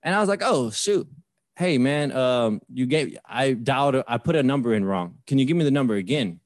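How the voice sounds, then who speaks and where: A man's voice: mid-range voice, fairly quick, no room sound, studio quality. Man in his thirties telling a story. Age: 30s. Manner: animated retelling with voiced quotes. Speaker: podcast host. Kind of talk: casual storytelling chat.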